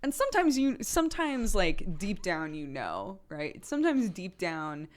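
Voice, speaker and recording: A young woman talking to her stream audience in a relaxed, rambling way. Her voice sits fairly low but swings widely in pitch, climbing high when she gets worked up, and she breaks into laughter often. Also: measured pace. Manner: chatty, animated, laughs often, pitch jumps when excited. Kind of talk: casual chat with viewers.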